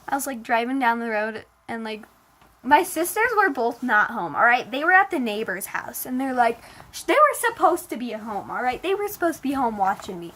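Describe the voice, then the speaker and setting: A woman tells a personal story in a casual, emotional way, her voice sitting a little high. She piles on filler words and plays up the dramatic moments as she goes. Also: sing-song, moderate pace, fairly bright tone, a little hiss or hum.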